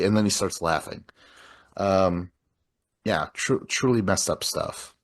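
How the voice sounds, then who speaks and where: Low-voiced guy breaking down a movie, animated, quotes lines in funny voices, swears a lot. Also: slow. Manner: animated, acts out characters' lines mid-retelling; swears and laughs often. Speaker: podcast co-host. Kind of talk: casual movie recap chat.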